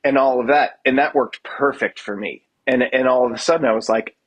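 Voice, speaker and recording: A man's voice: mid-range voice, fairly quick. A man guest on a podcast, chatting casually and stopping often to restart his sentences, with a self-deprecating sense of humor. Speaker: guest musician.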